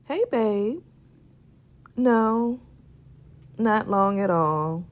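Devout churchgoing wife, gentle and unhurried, woman actress, drawling church talk with hums and hallelujahs. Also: mid-range voice, slight background noise. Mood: playful. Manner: slow, sing-song churchy speech, frequent "mm" and "hallelujah". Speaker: minister's wife in audio drama. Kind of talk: audio drama acting.

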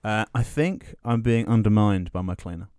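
A man's voice: lowish voice, fairly even intonation, normal speed, a little mellow, clear, resonant tone, no room sound. A young man hosting a podcast from his home studio, telling stories animatedly and swearing freely. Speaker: podcast host. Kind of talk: casual banter.

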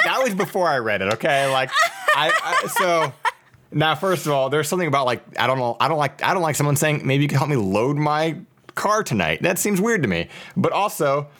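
A man's voice: a little high, big pitch swings, brisk, fairly bright tone, slight background noise. A man co-hosting a podcast, chatting casually and comedically in a rambling, profane way. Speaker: podcast co-host.

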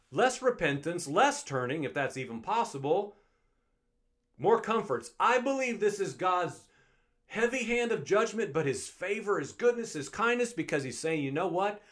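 Guy preaching an online sermon, kinda high voice, begging listeners, says stuff twice. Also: fairly bright tone. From United States. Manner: earnest, pleading, repeats phrases.

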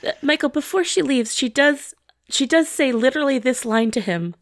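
A woman co-hosting a casual film chat, adding halting asides and agreement. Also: sits high, lively intonation, no room sound, studio quality. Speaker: podcast co-host.

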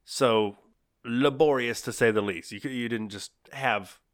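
A man's voice: medium pitch, measured pace. A man co-hosting a casual podcast, laughing often as he tells odd trivia. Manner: laughs often, giggly storytelling of odd facts. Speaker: podcast co-host.

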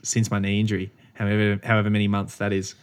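A young adult man with an Australian accent co-hosting a casual chat, an animated storyteller who laughs often and acts out what others said. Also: on the low side, fast, smooth. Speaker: podcast co-host.

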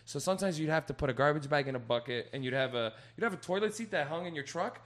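A young man in casual chat, telling rowdy stories and swearing a lot, acting out loud quoted voices. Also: on the high side, lively intonation, fast talker.

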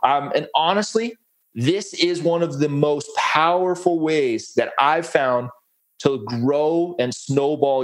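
A man presenting a real estate case study on a webinar, upbeat and folksy, walking through steps. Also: fairly high pitch. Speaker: guest presenter.

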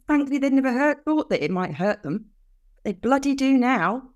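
An older woman, a podcast guest explaining things earnestly with lively emphasis in casual conversation. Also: sits high, normal speed, muffled recording.

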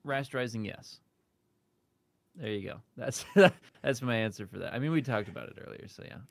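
A man guest on a casual tech podcast, chatty and quick to laugh, with plenty of fillers. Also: medium pitch, lively intonation, gravelly, no room sound.

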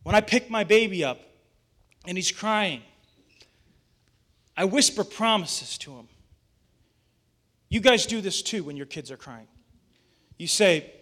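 A man's voice: high-pitched, expressive, measured pace, pauses often, fairly bright tone. A young adult man, a pastor, preaching a sermon, telling a story and rising to urgent calls to get up.

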